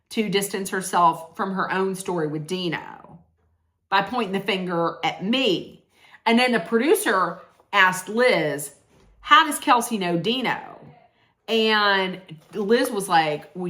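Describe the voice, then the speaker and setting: Woman vlogger, animated and bright-toned, casual blunt recap style with swearing and self-corrections. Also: mid-range voice. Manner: chatty, blunt, swears freely, corrects herself often.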